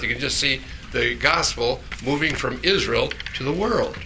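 Bright-voiced chuckling male preacher. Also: medium pitch, moderate pace, hardly any pauses, slight background noise. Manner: chuckling, self-correcting asides. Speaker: pastor. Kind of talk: sermon.

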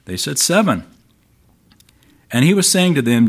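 A man's voice: medium pitch, very animated, measured pace, pauses often. Man preaching a conversational sermon. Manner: conversational, explanatory, reads scripture aloud with emphasis. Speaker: pastor.

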